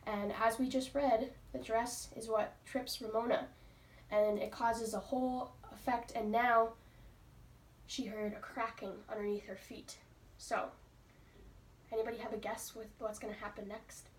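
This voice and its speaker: A woman's voice: a little high, level tone, measured pace. A woman teacher reading a book aloud to her class and stopping patiently to ask the pupils questions. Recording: roomy, from far off.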